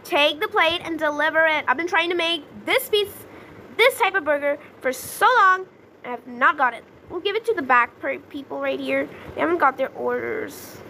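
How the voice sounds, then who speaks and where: A young woman chatting through a video game as she plays it, easily flustered, with gasps and excited outbursts. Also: high voice, moderate pace, slight background noise, poor audio. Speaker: gaming YouTuber. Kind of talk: casual gameplay commentary.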